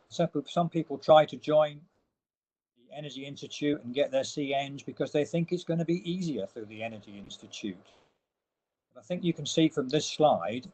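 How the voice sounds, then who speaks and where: A man with a medium-pitched voice presents slides in an online webinar. He explains each point in turn and leans on the words he wants to stress. His pace is steady and methodical. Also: poor audio. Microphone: online webinar audio.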